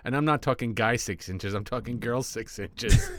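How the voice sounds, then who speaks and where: Animated storytelling teacher, podcast co-host. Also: male voice, mid-range voice, moderate pace. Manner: animated storyteller, acts out quotes, laughs often. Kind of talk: casual storytelling.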